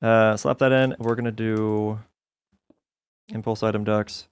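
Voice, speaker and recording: While playing a modded building game on stream, a man chats casually and reasons out loud, laughing at himself whenever he slips up. His lowish voice is level, clear and resonant, delivered at a measured pace.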